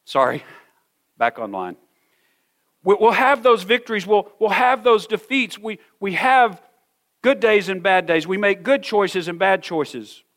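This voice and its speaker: A man's voice: high voice, big pitch swings, a bit bright. Earnest middle-aged male pastor preaching. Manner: earnest, repeats words, slows down for emphasis. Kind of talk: sermon. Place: church hall with a congregation.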